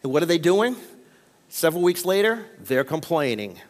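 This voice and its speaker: A man's voice: fairly high pitch, big pitch swings, moderate pace. A man preaching a sermon as pastor, asking the congregation for amens between points. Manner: call-and-response preaching, frequent amens. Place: church sanctuary. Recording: long reverb of a church hall.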